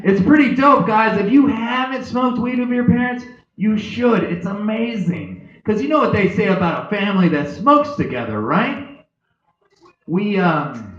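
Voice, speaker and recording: A young man performs a stand-up set in a high, lively voice that keeps leaping into loud character impressions. The sound is echoey and a little dull, like a low-fi live club recording. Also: normal speed. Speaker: stand-up comedian. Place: comedy club stage.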